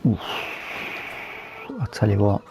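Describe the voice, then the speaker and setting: A man with a hoarse, fading voice, calmly commentating a game as he plays and thinking aloud with fillers. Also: lowish voice, takes it slowly. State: losing his voice. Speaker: gaming video host.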